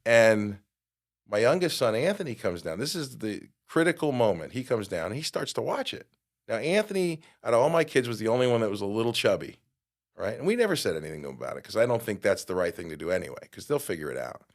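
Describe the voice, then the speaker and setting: A middle-aged man with a somewhat low voice tells a personal story on a podcast. He acts out other people's lines and swings from quiet asides to loud outbursts. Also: quick pace. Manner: animated storyteller, acts out quotes with big jumps in loudness. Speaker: guest.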